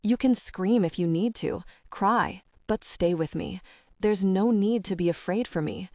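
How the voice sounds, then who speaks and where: A woman voicing a tender, protective grown man who speaks in soft, soothing reassurances. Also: medium pitch, a little slow, no room sound, studio quality, natural voice.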